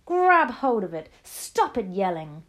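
A woman's voice: medium pitch, measured pace, darkish tone, lightly acted. A woman voicing a bossy, cruel female witch leader who screeches orders in a storybook reading. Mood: furious.

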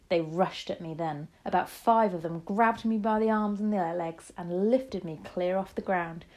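Expressive woman reading a storybook. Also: on the low side, normal speed, few pauses. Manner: dramatic, expressive. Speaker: audiobook narrator. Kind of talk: first-person storybook narration.

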